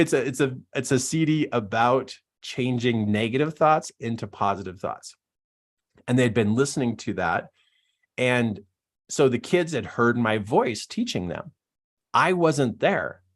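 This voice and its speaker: A middle-aged man speaks as a coach on a live Q&A stream. His voice sits at an ordinary male pitch, and he drives his points home by repeating phrases with emphasis. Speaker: business coach.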